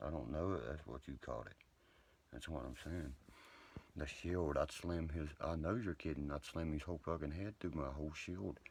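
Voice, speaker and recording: A man's voice: a bass voice, gravelly, husky. A man rambling at night on a live stream, profane, boastful and heated. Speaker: livestreamer talking to viewers. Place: indoors at home, late at night.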